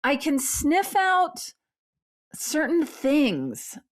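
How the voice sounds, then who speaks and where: A woman's voice: high voice, wildly swooping pitch, extremely slow. Self-mocking woman co-host telling a rambling story. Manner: rambling, self-mocking anecdote with acted quotes. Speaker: podcast co-host. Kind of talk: casual chat, storytelling.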